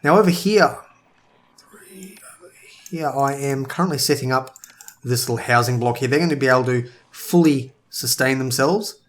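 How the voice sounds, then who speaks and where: A man's voice: medium pitch, normal speed. A man giving casual gameplay commentary, thinking aloud and sometimes tripping over his words. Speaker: let's play gamer.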